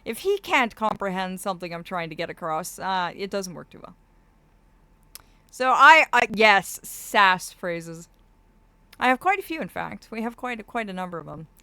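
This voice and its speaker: A woman's voice: mid-range voice, big pitch swings, moderate pace, bright, forceful tone, no room sound. A woman streaming live as a fey persona. She chats casually and reads viewer messages, calling viewers darlings and laughing often. Her speech is slightly impeded by a swollen cheek.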